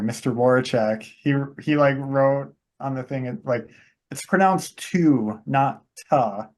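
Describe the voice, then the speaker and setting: Wisconsin man musing on a podcast. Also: medium pitch. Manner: thoughtful, heavy use of "like", self-correcting. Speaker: podcast host. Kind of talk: casual chat.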